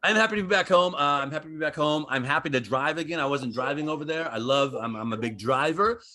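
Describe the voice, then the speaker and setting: A man's voice: on the high side, fast, sharp tone. A young American man doing a stand-up routine on a virtual comedy show, rambling and self-deprecating, laughing at his own jokes. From United States.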